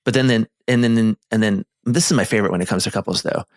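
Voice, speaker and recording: A man's voice: lowish voice, fast talker, no room sound, studio quality. A man co-hosting a marriage therapy show, explaining in earnest casual chat with many restarts and fillers. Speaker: marriage therapist and podcast co-host.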